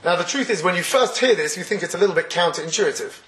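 A man's voice: sits high, expressive, quick pace, fairly bright tone, reverberant. A man giving a Torah class, conversational and chuckling often as he acts out everyday scenes. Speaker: Torah teacher.

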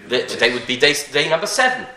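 Male rabbi, Torah class, bright and fairly high-pitched, animated, asks rhetorical questions, roomy echo. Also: fast. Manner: rhetorical questions, frequent restarts, Hebrew and Yiddish terms. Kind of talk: Talmudic lecture. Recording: echoey room.

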